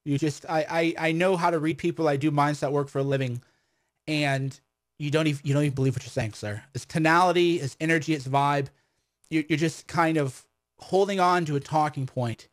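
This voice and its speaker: A man's voice: on the high side, fairly quick, dry recording. A man hosting a call-in livestream, chatty, brash and sarcastic, talking casually with callers.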